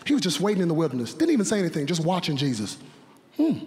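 A young man preaching a sermon, animated, asking rhetorical questions, shouting at the peaks and dropping quiet in between. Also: a little high, rapid-fire. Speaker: pastor. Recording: long reverb of a large hall.

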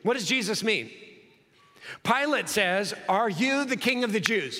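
A man preaching an expository sermon in a bright, high voice. He acts out the scenes in quick dialogue, then drops low and slow to press a point. His words ring out with a long hall reverb. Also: animated. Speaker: pastor.

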